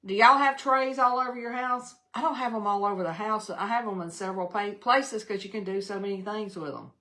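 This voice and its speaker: A woman's voice: medium pitch, a little fast, bright, forceful tone. An older woman with a Southern American accent, hosting a casual live craft demonstration and chatting folksily with viewers as she works. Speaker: craft livestream host.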